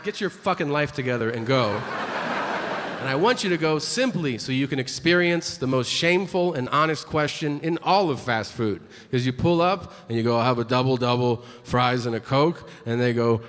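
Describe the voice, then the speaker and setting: A man's voice: medium pitch, fairly bright tone. A man doing a stand-up comedy routine on stage, profane and acting out both sides of exchanges in mocking voices. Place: comedy stage before a live audience. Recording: noisy live stage recording.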